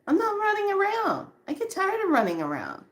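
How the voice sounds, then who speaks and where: Speaking in a very high voice, a woman who teaches spirituality gives her viewers a laid-back talk. She's talkative and expressive with lots of laughter, and she slips into a slow, hushed tone on the soothing moments.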